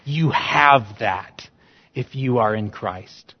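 A man's voice: mid-range voice, slow. A male pastor preaching a sermon, emphatic and full of rhetorical questions. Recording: dull sound with long reverb in a church hall.

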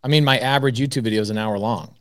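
A man's voice: mid-range voice, rapid-fire, no room sound, clean studio sound. A man on a debate panel talking casually, acting out the things he says himself. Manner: animated, storytelling, quotes himself. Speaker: guest panelist.

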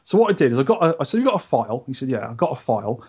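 A man's voice: rapid-fire, breathy edge. A man co-hosting a podcast, telling a story in casual chat. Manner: chatty storyteller, lively pitch. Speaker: podcast co-host.

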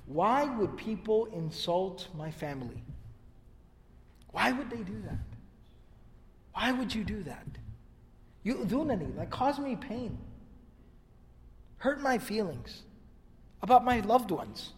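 A man teaching history as a storytelling lecture, earnest and emphatic, repeating phrases for stress and translating the passages he recites quickly. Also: sits high, very animated, in a large hall. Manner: recites quoted passages quickly in another tongue and then translates them.

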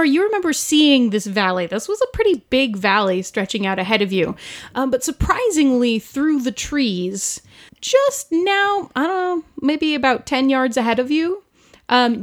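Lady game master narrating the scene, slow and descriptive, higher voice.

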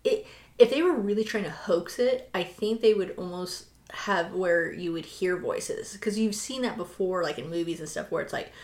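A woman's voice: lowish voice, moderate pace, a little mellow, reverberant. A woman co-hosting a casual podcast chat, talking in a chatty way with lots of filler words. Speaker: podcast co-host.

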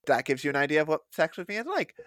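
A man's voice: on the high side, big pitch swings, racing, a bit bright, no echo, clean studio sound. A man co-hosting a podcast, telling a story animatedly with lots of swearing and laughter. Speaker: podcast co-host. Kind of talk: casual podcast chat.

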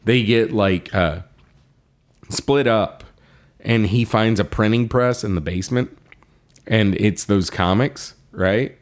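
Podcast guy recapping a story, lowish voice, laughs a lot, does the characters' lines. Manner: laughs often and acts out characters' lines in quick quoted voices. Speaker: podcast co-host. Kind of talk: casual chat retelling a story.

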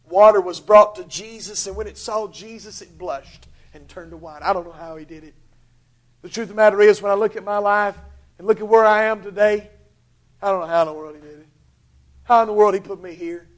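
A man preaching a sermon in church, moving from shouted declarations to hushed pleading during an altar call. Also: high-pitched. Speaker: pastor.

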